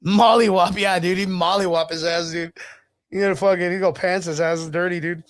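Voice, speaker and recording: A man's voice: high voice, steady tone, a little fast, no room sound. A man co-hosting a casual streamed chat show, joking loosely and swearing, with lots of "dude" and "bro". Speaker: podcast co-host. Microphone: streaming mic.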